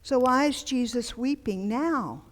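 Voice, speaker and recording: A woman's voice: a little high, a little slow. Older woman preacher in echoing church. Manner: animated and humorous, dropping to near-whispers for emphasis. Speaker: guest preacher. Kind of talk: conversational sermon. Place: church sanctuary. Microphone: handheld microphone. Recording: long church-hall reverb.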